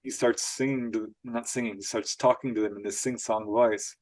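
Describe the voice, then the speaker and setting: A man guest on an interview show, telling strange stories in an animated way, laughing often and acting out quotes. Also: medium pitch, moderate pace. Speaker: author guest. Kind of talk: storytelling interview.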